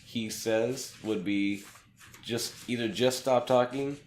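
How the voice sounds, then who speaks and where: A man's voice: mid-range voice, steady tone, slow pace. A young man co-hosting a casual podcast, rambling with lots of fillers. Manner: rambling, filler-heavy, laughing. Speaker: podcast co-host. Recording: echoey room with faint noise.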